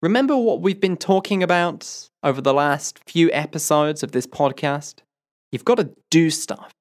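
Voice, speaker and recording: A man's voice: on the high side, normal speed. A man teaching English in a podcast monologue, speaking emphatically and building his points through rhetorical questions.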